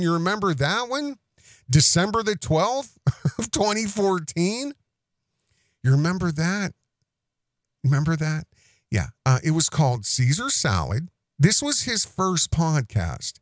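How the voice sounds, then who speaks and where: A man's voice: on the high side, no echo, studio quality. A man hosting a podcast, delivering accusatory commentary in an emphatic way, repeating himself and restarting phrases. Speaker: podcast host.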